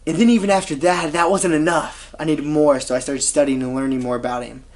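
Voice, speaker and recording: A young man, his voice a little higher than most men's. He tells a personal faith testimony straight to camera, earnest and conversational. His speech is full of "you know" and "like", the way a medical student might talk through his own story. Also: steady tone, a little fast, darkish tone.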